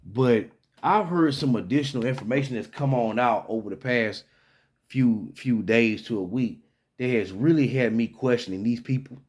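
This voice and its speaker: A man's voice: mid-range voice, normal speed, darkish tone, breathy edge. A man giving casual, rambling commentary to his own channel, full of fillers and restarts, with an incredulous, head-shaking tone. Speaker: vlogger.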